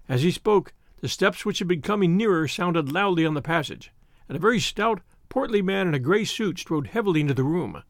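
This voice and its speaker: Gravelly, expressive male audiobook narrator. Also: high voice, no room sound, clean studio sound. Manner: measured, descriptive storytelling. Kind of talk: first-person scripted narration.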